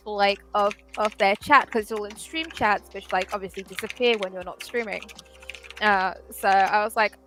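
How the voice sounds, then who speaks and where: A woman's voice: mid-range voice, sharp tone, rough recording. A woman co-hosting a casual live stream, talking in a chatty, self-deprecating way full of filler words.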